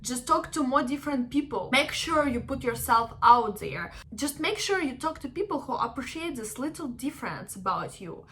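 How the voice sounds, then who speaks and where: Bright-voiced woman vlogger. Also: sits high, very animated, normal speed, few pauses, slight background noise. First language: not English. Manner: chatty, earnest, acts out quotes of others. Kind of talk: casual advice vlog.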